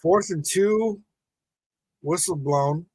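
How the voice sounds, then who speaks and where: Husky-voiced man calling a game live. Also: fairly high pitch, slow pace, low-quality recording. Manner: frustrated, reacting to the game, talks to chat. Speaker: podcast host. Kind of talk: live watch-party commentary.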